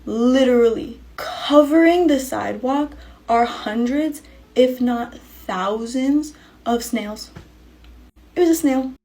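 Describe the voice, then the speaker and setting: A woman dramatically retelling a personal story in an animated way. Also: high-pitched, slow. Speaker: storyteller in a social media clip.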